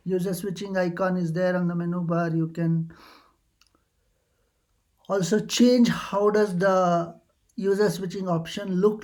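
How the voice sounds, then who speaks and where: Hesitant tutorial host, flat delivery. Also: mid-range voice. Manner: hesitant, many uh fillers and restarts. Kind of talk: casual screen-recording walkthrough.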